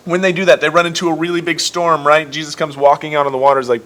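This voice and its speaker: A young man hosting a casual livestream Bible study, retelling the stories in an excitable, jokey way with quick voiced asides. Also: a little high. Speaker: youth ministry host.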